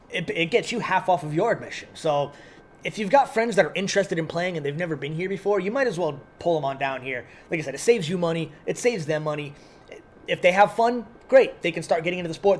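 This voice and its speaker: A man on a casual podcast, promoting sales and programs in a relaxed, teasing way. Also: a little high, a little fast, slight background noise. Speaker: podcast co-host at an airsoft field.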